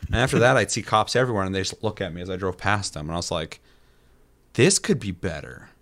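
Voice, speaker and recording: A man's voice: deep voice, rapid-fire. A man in casual chat, animatedly retelling a chaotic video game moment with lots of swearing. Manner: animated storytelling, heavy swearing.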